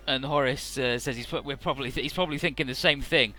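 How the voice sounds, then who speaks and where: A man's voice: mid-range voice, brisk, sharp tone. A man casually narrating a video game playthrough, who rambles with lots of fillers and laughs often. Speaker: let's play commentator. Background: faint game music.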